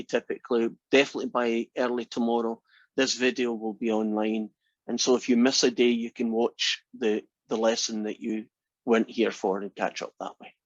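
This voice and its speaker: In a classroom lecture, a Scottish man with a medium-pitched voice teaches math with dry, teasing humor and an easygoing, chatty style. There's no room sound; the audio is close and dry, though muffled and lo-fi.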